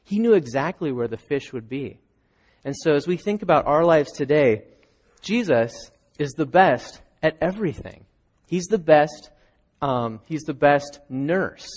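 Animated preacher man, higher voice. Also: unhurried. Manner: animated storytelling, acting out characters with raised voice. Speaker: pastor. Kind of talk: sermon. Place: church stage.

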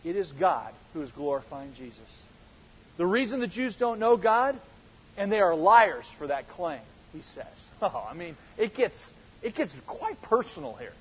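A man's voice: high-pitched, big pitch swings, normal speed, slightly rough, dull audio. A male pastor preaching an earnest sermon that builds to emphatic moments.

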